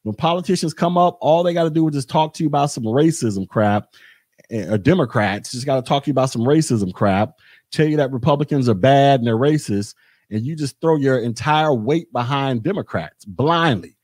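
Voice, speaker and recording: A man's voice: mid-range voice, a little fast, darkish tone, no room sound, studio quality. Blunt, ranting man on a podcast. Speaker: podcast host. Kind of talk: political commentary monologue. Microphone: podcast mic.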